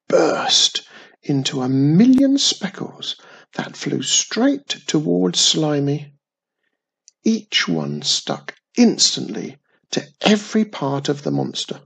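Slow, gravelly-voiced woman reading a children's story. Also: rumbling low, sing-song, low-quality recording.

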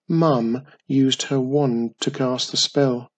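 A man narrating a children's story in a gentle, expressive way. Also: mid-range voice, slow, few pauses, breathy edge.

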